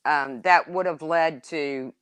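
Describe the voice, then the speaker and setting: A woman telling casual stories, swearing freely and swinging between loud exclaims and low asides. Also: slow, smooth, no echo. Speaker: storyteller. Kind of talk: casual chat.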